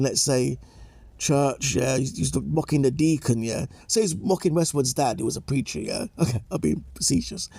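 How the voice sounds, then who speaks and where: A man's voice: mid-range voice, gravelly, mellow, no room sound. A man giving opinion commentary in a lecturing way, restating points and tagging them with "yeah?" and "okay?". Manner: emphatic, restates points for effect.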